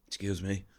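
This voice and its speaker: Wry Irish man telling a story. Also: darkish tone. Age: 30s. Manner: wry, self-deprecating, conversational. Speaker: comedian storyteller. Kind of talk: casual comic storytelling.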